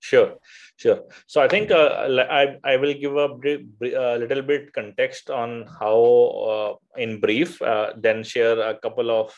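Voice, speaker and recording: A man's voice: mid-range voice, steady tone, a little slow, dull audio. A man from India, a podcast guest, talking in a hesitant conversational way with many filler sounds and restarts. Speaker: podcast guest, venture fund founder. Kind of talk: conversational interview.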